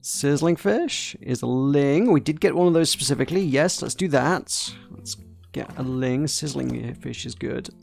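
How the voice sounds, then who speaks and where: A man's voice: mid-range voice, unhurried, creaky, darkish tone, soft background music. A man giving casual live-stream commentary over a game, chatty and playful, talking along as he plays. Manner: chatty, playful, talks along with his play.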